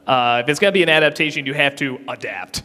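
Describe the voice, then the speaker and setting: A man's voice: on the high side, quick pace, bright, forceful tone. A man with a scratchy throat answering audience questions on a convention panel in a casual, chatty way, often restarting and laughing. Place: convention hall. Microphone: handheld mic. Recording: reverberant convention hall.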